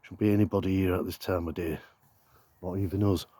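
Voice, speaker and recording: A man filming a mock-spooky comedy vlog outdoors in woodland, talking deadpan and pretending to be scared, with lots of swearing. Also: deep voice, fairly quick, breathy edge, no room sound. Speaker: vlogger.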